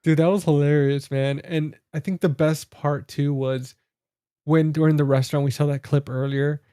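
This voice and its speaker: An excitable man chatting casually about a comedy film. His voice sits a little high but sounds dark and mellow. The sound is dry and close. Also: moderate pace, clean tone, no room sound. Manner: excitable, laughs while retelling scenes. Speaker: podcast co-host. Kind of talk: casual movie chat.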